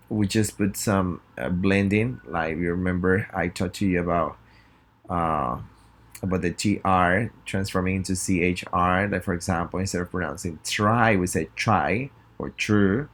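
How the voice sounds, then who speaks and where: Deep-voiced man teaching pronunciation. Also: fairly bright tone. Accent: Spanish. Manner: reads example sentences slowly and clearly for students to repeat. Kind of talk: recorded online lesson.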